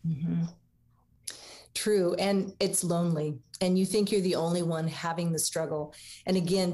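A woman's voice: fairly low pitch, a little mellow. A woman guest author talking earnestly about marriage and faith in a radio interview. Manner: earnest, preaching tone.

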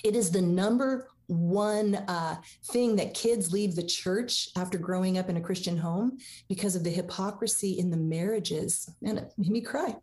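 In a radio interview, a woman guest author speaks earnestly, in a preaching tone, about marriage and faith. Her voice is fairly low, a little mellow, and moderately paced.

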